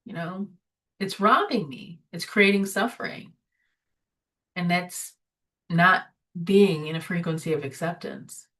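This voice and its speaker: A woman with a fairly low voice leads an informal spiritual webinar. She speaks conversationally and keeps checking in with "right?" and "you know". Her voice sounds a little distant from the microphone. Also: a little slow, long pauses, fairly bright tone. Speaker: recovery webinar host. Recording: voice somewhat distant from the mic.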